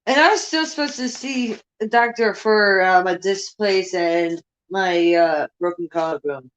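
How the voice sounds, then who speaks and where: A woman's voice: medium pitch, a little slow, poor audio. A woman chatting casually at home, telling stories and swearing.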